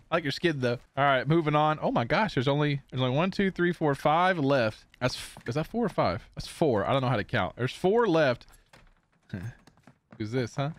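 A fairly high-voiced young man gives running live commentary while he plays a shooter game on stream. He taunts the other players in a playful way and breaks into sudden excited yells, then drops back into quick, loose chatter. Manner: excitable, taunting banter with bursts of yelling. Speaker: gaming streamer.

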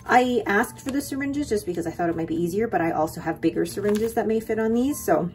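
A young adult woman vlogging in a chatty, excited way, rambling with quick asides as she shows her haul. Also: mid-range voice, faint music behind. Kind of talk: casual haul vlog.

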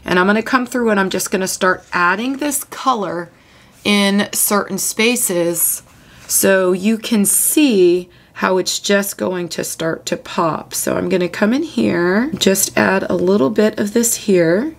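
A woman's voice: mid-range voice, a little slow, vocal fry. Chatty woman demonstrating coloring. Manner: gushing, chatty, talks while working. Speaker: coloring tutorial host. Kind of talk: casual step-by-step demonstration.

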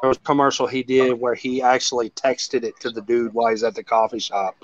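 A man's voice: medium pitch, brisk, no room sound. Guy rambling and cussing thru a casual chat, dry muffled lo-fi audio. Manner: rambling, profane, animated storytelling. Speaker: host.

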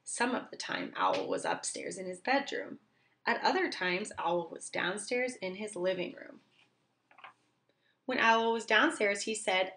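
Woman reading a children's storybook aloud. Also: medium pitch. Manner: slow, clear and expressive for young listeners. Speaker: reader.

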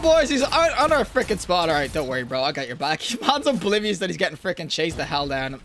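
A young man giving live gameplay commentary, excitable and slangy, talking straight to his viewers and bursting into yells and laughter. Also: a little high, fast talker, hardly any pauses, a little hiss or hum. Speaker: gaming video creator.

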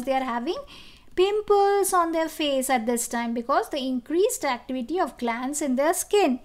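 A woman with a high voice teaches a biology lesson. She explains each point step by step, with fillers and restarts along the way. She often turns to ask the class questions. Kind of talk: classroom lecture.

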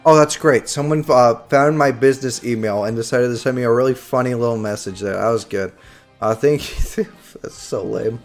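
A male streamer bantering on a live stream, loud and jokey, swinging into mock outrage and goofy repetition. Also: mid-range voice, moderate pace, faint music behind.

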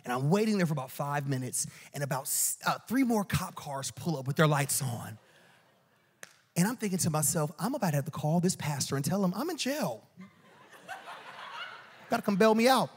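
A man preaching a storytelling sermon in a church, animated and joking. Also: on the high side, moderate pace, long pauses, slightly rough. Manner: animated and joking, acts out quoted voices. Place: church auditorium.

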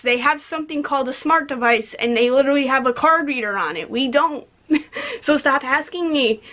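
A woman's voice: sits high, bright, forceful tone. A young woman from the United States, a cashier ranting bluntly about customers in a casual vlog, swearing freely and saying "like" a lot. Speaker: vlogger, retail cashier.

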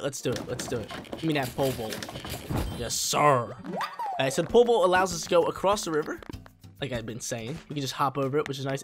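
A young man hosting a gaming channel, giving excitable, slangy, chatty commentary while he plays. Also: a little high. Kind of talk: casual gameplay commentary. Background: faint game music.

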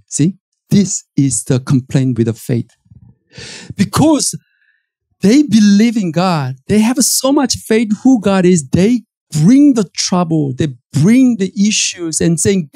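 Animated Korean-accented male pastor preaching. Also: sits high, normal speed, dry recording. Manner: animated, emphatic preaching with fillers and restarts. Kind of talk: sermon. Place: church auditorium.

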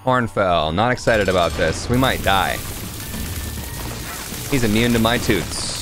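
A man hosting a gaming channel, giving chatty let's play commentary with sudden excited yelps. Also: on the low side, unhurried, over music.

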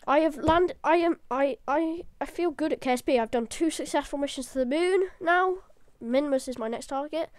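High-pitched, hyper gaming commentator woman. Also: normal speed, few pauses, no echo. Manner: excitable, hyper, rambling with restarts. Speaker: gaming channel host. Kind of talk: live gameplay commentary.

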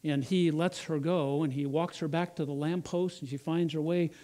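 A male pastor retells a children's story as part of a sermon. His voice sits a little high for a man, and he often repeats and restarts words as he goes. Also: fairly even intonation, normal speed, dark tone.

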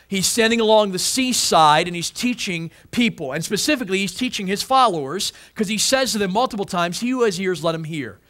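Male pastor, fairly high voice, animated sermon delivery with restarts. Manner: emphatic, repeats phrases, many restarts.

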